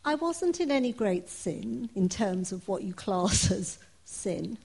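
A woman's voice: medium pitch, expressive, slow pace, creaky, breathy edge. A woman preaching a sermon, reading scripture and then telling her own story in an earnest, personal way. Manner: earnest, personal, with soft laughs.

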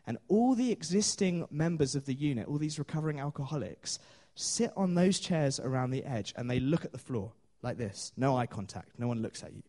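A man's voice: medium pitch, very animated, fairly quick, few pauses, dark tone. A man preaching a sermon in a chatty storytelling way, with many fillers and small laughs.

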